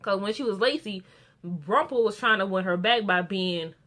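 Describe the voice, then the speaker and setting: A woman's voice: medium pitch, moderate pace. A young woman recapping a TV episode in a casual, rambling way, full of restarts and fillers. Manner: gets excited and animated about the characters. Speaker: TV show reviewer.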